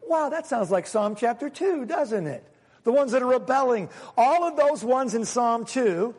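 A man preaching a sermon as a pastor, animated, sometimes acting out the voices he quotes. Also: extremely high pitch, normal speed, breathy edge. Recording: long hall reverb.

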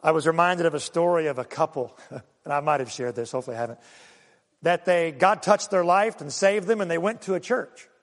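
A male pastor preaching a sermon, swinging between loud calls and quiet low asides. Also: a little fast, long reverb tail.

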